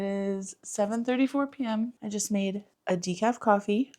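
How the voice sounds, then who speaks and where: A woman's voice: medium pitch, moderate pace, a little mellow. A woman in her thirties chatting casually through her day at home in a rambling vlog, swearing now and then and cooing at her dog. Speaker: vlogger. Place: home, indoors and in the yard.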